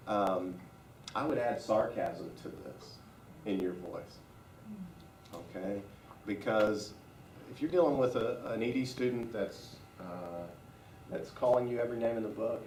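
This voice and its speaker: A man's voice: mid-range voice, darkish tone, slight background noise. A man leading a staff training class, talking conversationally and asking the room questions. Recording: echoey room from far off.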